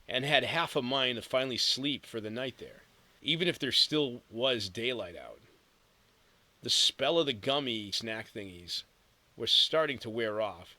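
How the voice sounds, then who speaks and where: A man narrating an audiobook in a steady storytelling read with vivid emphasis. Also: mid-range voice, dry recording, low-quality recording.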